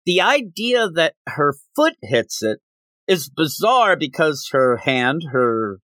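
A man co-hosting a podcast, reviewing comic books in casual chat and acting out characters' lines in quick voices. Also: a little high, big pitch swings, a bit bright, dry recording. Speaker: podcast co-host.

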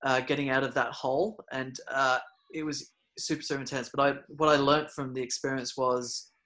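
A man at a middle pitch, talking as a podcast guest in a loose, rambling way. He fills his sentences with ums and restarts. At the tense moments his voice gets louder and more animated. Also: normal speed. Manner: rambling, many fillers and restarts; gets loud and animated retelling scary moments. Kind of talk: casual storytelling.

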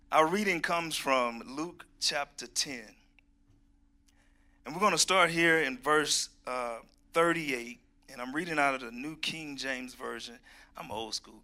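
A middle-aged man preaching a sermon, reading scripture and joking folksily with his congregation. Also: a little high. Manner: folksy and animated, reads scripture, jokes with the congregation.

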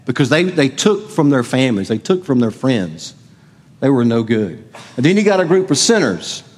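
A man's voice: medium pitch, very animated, moderate pace. A middle-aged man preaching a sermon as pastor, conversational and asking the congregation questions. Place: church sanctuary. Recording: long hall reverb.

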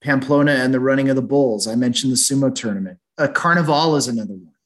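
A man's voice: medium pitch, quick pace. Man hosting a travel podcast. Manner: summarizing, list-like advice. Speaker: podcast host. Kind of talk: casual podcast chat.

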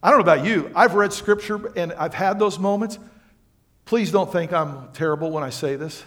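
Guy preaching a sermon, kinda high voice, gets loud then drops real quiet. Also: moderate pace. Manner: emphatic preaching, rising loud for emphasis then dropping low. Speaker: pastor. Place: church sanctuary.

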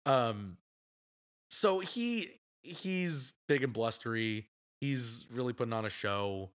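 Male podcast co-host, mid-pitched, chatty movie-review talk with easy laughs. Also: a little slow, fairly bright tone. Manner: chatty, laughing while retelling scenes. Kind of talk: casual movie review chat.

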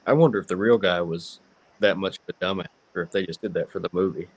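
A man's voice: low-pitched, quick pace, breathy edge. A man chatting as a podcast guest in a dry, blunt manner. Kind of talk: casual chat.

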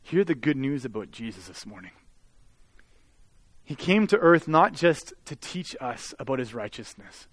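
A man, a pastor, preaching a sermon with earnest intensity, swelling loud and then dropping to soft, intimate tones. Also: on the high side, big pitch swings, normal speed, dry recording.

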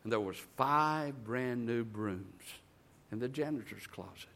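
A man's voice: mid-range voice, a little slow, creaky. A man preaching a sermon, telling stories and calling out to the congregation for amens. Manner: animated storytelling preacher, calls out to the congregation. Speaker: guest preacher.

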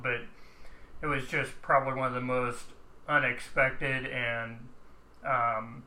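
A man's voice: mid-range voice, flat delivery, unhurried, bright, forceful tone. A man co-hosting a podcast, giving a thoughtful, rambling film review in casual chat. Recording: roomy, echoey room sound.

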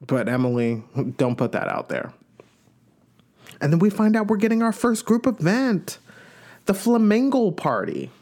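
A man's voice: high voice, wildly swooping pitch, a little slow, darkish tone. A man from Long Island, New York, hosting a podcast and giving a chatty, gossipy recap of a reality show with playful asides. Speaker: podcast host.

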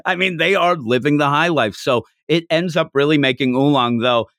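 A man co-hosting a casual podcast about comics, talking with animated energy, laughing often and acting out quoted lines in a raised voice. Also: a little high, a little fast, hardly any pauses, no echo, clean studio sound. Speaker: podcast co-host. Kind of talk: casual chat reviewing manga.

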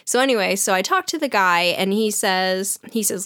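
A woman's voice: mid-range voice, moderate pace, no room sound, studio quality. Southern-accented woman telling a travel story. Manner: animated storytelling, quotes people in dialogue. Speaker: podcast co-host. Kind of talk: casual chat. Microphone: remote home microphone.

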